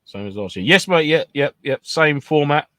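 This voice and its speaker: A man's voice: on the high side, animated, normal speed, fairly bright tone, no echo. A man co-hosting a casual podcast chat, bantering and laughing often. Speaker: podcast co-host.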